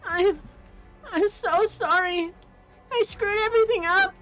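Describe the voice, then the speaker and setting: A woman voicing a distraught young female fan over a game, shouting with her voice cracking into tears. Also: very high voice, lively intonation, measured pace, faint music behind, pitched above the performer's own voice, full character voice. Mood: tearful. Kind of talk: live English dub over a game.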